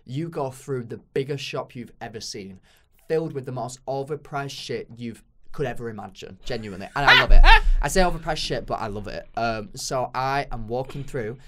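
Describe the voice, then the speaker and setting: A man's voice: mid-range voice, brisk, bright, forceful tone, slight background noise. A man with a British accent, a podcast guest telling a crude, self-mocking story in casual chat, with lots of fillers.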